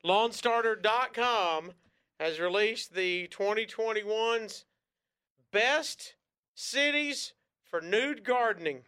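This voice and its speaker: A man's voice: high-pitched, takes it slowly, sharp tone, smooth. A man co-hosting a radio show, chatting casually and joking around, often breaking into silly voices. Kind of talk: casual comedic chat.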